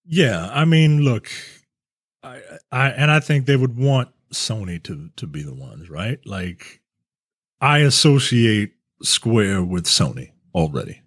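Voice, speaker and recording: A man in his thirties co-hosting a casual podcast, talking in a hesitant, wry way with frequent pauses and restarts. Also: fairly low pitch, very animated, slightly rough, no room sound, clean studio sound. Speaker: podcast co-host. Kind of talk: casual chat.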